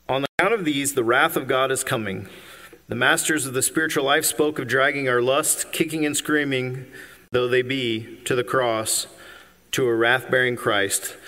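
A pastor preaching a sermon, earnest and emphatic, with occasional ums and uhs. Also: male voice, mid-range voice, fairly bright tone. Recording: long hall reverb.

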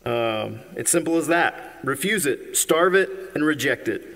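A pastor preaching a sermon, earnest and emphatic, with occasional ums and uhs. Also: male voice, on the high side, animated, unhurried, fairly bright tone. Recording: long hall reverb.

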